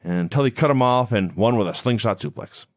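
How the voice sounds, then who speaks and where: A man's voice: medium pitch, animated, a little fast, dry recording. Dry-voiced man recapping wrestling. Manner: chatty, recaps matches and promos play by play. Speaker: podcast co-host. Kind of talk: casual chat recapping old wrestling.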